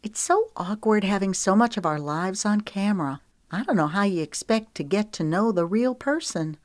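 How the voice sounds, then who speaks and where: A woman's voice: mid-range voice, animated, moderate pace, no room sound, clean studio sound, voice pushed up, lightly acted. A woman narrator voicing a guarded young female reality show contestant with a wry, candid manner.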